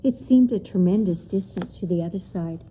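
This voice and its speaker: Woman, storybook narration, expressive, unhurried, mellow tone, faint background noise. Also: fairly low pitch, low-quality recording. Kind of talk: storybook reading aloud.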